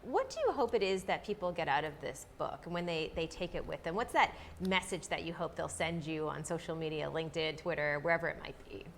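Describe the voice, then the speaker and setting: A woman's voice: low voice, fairly quick, hardly any pauses. Chatty woman hosting an interview. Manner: friendly, chatty, reads out viewer comments. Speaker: interviewer host. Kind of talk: conversational interview. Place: studio set.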